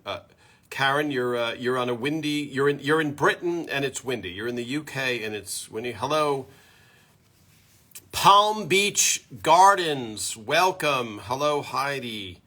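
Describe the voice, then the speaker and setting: Broadcasting a live fan show from home, a chatty male host loudly greets viewers by name. His middle-pitched voice is bright and forceful at a moderate pace, picked up by a plain built-in computer microphone.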